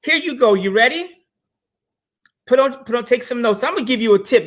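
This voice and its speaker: A man with a bright, forceful voice, talking casually about money. He tells stories in an animated way and drops joking asides as he goes. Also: very high voice, normal speed. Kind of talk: casual chat on investing.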